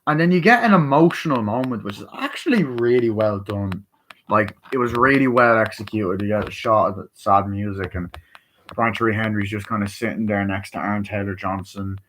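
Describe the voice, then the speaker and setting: A man's voice: lowish voice, a bit bright, a little hiss or hum, low-quality recording. Rambling, foul-mouthed man reviewing a movie. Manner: rambling, profane, acts out scenes in quick quoted voices. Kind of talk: casual spoken movie review.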